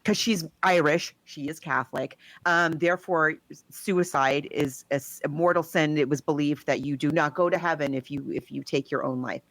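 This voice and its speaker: A woman's voice: sits low, moderate pace, dry recording. A woman co-hosting a podcast, casually retelling a film's plot in a rambling way and acting out the quotes. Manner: rambling storyteller who acts out quotes. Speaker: podcast co-host.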